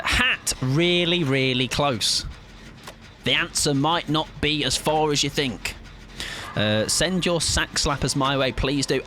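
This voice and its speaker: Man, young adult, streamer, casual gaming chat, playful, rambling, lively pitch, medium voice. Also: a little hiss or hum. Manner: playful, rambling, jokey, chatting to viewers.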